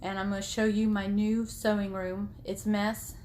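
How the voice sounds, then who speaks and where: A woman's voice: medium pitch, level tone, moderate pace, a little mellow, a little hiss or hum. A woman in her thirties or forties, a sewing vlogger, giving a chatty, rambling tour of her small home sewing room while filming on her phone. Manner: chatty, rambling, self-deprecating. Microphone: phone held at arm's length.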